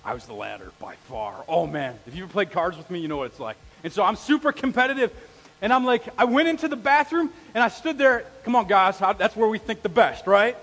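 A middle-aged male pastor preaches in an animated storytelling style, slipping into quoted voices as he speaks to the congregation. His voice sits high for a man. The sound carries a long reverb from the church hall. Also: fast talker. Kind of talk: sermon with storytelling.

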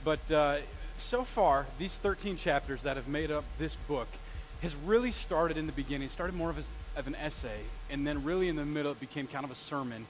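A man in his forties, a pastor preaching a sermon in a conversational, animated way, with stories and asides. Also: a little high, brisk, a little hiss or hum, rough recording. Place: church sanctuary.

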